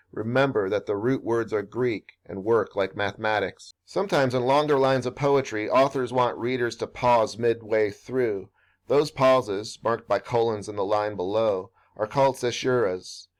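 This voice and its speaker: A man, a professor, narrating a scripted workshop lesson in a measured, explanatory way. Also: medium pitch. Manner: measured, explanatory, slows down for read-aloud examples. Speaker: professor leading a writing workshop.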